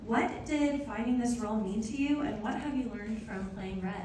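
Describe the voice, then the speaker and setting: A woman's voice: fairly high pitch, normal speed, a little mellow. A woman podcast interviewer asking upbeat, polite questions at an awards event. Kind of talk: red carpet interview. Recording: echoey hall from far off.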